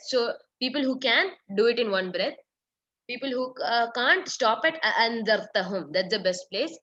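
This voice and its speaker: Woman, patient online recitation teacher who drills words one by one; slightly high voice, muffled stream audio. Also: a bit bright. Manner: repeats words slowly, correcting pronunciation step by step. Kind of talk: online tajweed lesson.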